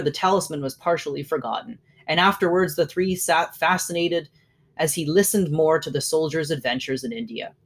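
A narrator reading a classic short story aloud in a measured way, letting lines trail off. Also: mid-range voice.

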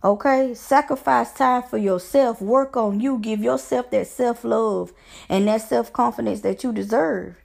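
A woman with a somewhat high voice and a gravelly fry speaks straight to her listeners. She encourages them earnestly, like a preacher, and repeats phrases for emphasis. She talks like a life coach giving a motivational talk. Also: a little mellow. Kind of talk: motivational faith talk to camera.

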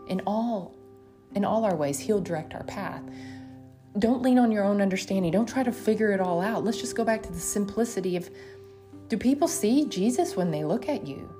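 A woman's voice: medium pitch, lively intonation, moderate pace. A woman preaching a sermon in an earnest, emotional way, often stopping to voice heartfelt prayers. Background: music.

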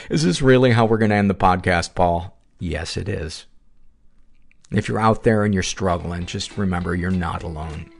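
A podcast host reads a listener's letter aloud, then reflects on it earnestly with rambling asides. His voice sits low and is gravelly and animated, at normal speed.

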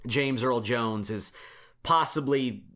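A man's voice: medium pitch, slow, pushed and bright. A man co-hosting a podcast in casual chat, stating strong opinions in emphatic, declarative sentences. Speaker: podcast co-host.

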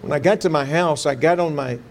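A man's voice: a little high, fairly quick, creaky. A man preaching a sermon, telling a personal story in an earnest way and rising to fervent pleading when he quotes his prayers. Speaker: pastor.

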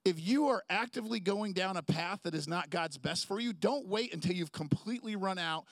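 A young man preaching with a high, gravelly voice, telling stories and jokes in a loose, chatty way. His voice is dry and close, with no room echo. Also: brisk. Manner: conversational, jokey storytelling with acted-out quotes. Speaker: pastor. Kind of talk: sermon.

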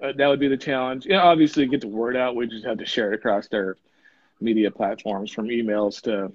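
A man's voice: medium pitch, fairly even intonation, brisk, no echo, dull audio. A man who owns a hardware store, chatting easygoingly as a guest and laughing often. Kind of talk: casual interview chat.

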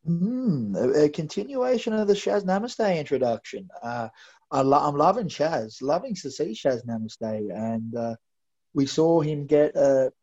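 A man's voice: on the high side, animated, measured pace, a little mellow. A man co-hosting a recap show, musing chattily with stammered restarts. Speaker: co-host of a wrestling recap show. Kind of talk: casual chat. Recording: slightly dull, lo-fi sound.

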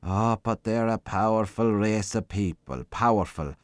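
A man reading aloud, voicing a talkative young country policeman who marvels out loud at what he has seen. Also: lowish voice, unhurried, dry recording, clean studio sound, voice pushed up, close to an everyday voice. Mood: marvelling. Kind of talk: reading a short story aloud.

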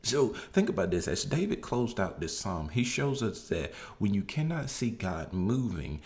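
Male preacher, low and animated, earnest and repetitive as he exhorts. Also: moderate pace. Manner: earnest, repeats phrases for emphasis, rises when exhorting. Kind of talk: sermon.

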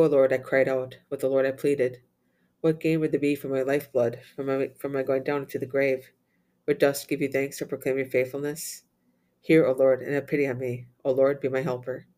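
A man reciting liturgical psalms and readings in a steady, measured chant, with occasional slips and restarts. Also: mid-range voice. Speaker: prayer leader.

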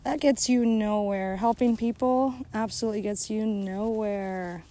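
A woman's voice: medium pitch, steady tone, unhurried, hardly any pauses, warm tone, slight background noise, low-quality recording. Profane, sarcastic woman ranting outdoors. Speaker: vlogger. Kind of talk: casual ranting monologue. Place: outdoors on a hike by a lake.

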